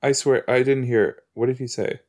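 A man's voice: mid-range voice, steady tone, normal speed. A man hosting a podcast, casually reacting while he watches a TV episode. He rambles, fills his talk with "like" and "you know", and repeats his exclamations. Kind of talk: casual watch-along chat.

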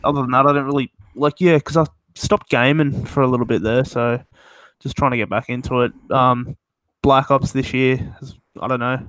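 A young man talks casually on a podcast, teasing his friends and swearing freely. His voice sits at an ordinary middle pitch. The recording is close and dry. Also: steady tone, moderate pace, fairly bright tone, no room sound, poor audio. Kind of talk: casual chat.

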